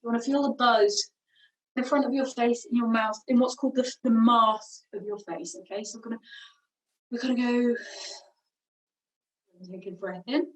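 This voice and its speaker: A woman teaching singing, calmly guiding a vocal warm-up with slow, encouraging cues. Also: fairly high pitch, distant mic, low-quality recording. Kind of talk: guided vocal warm-up lesson.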